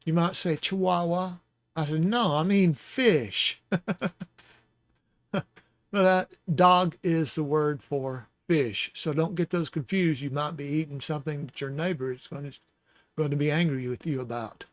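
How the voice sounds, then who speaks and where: A man's voice: fairly high pitch, no echo. A man teaching the Hebrew alphabet in a patient, casual lesson, with small jokes and chuckles along the way. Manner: slow, patient, joking asides with chuckles.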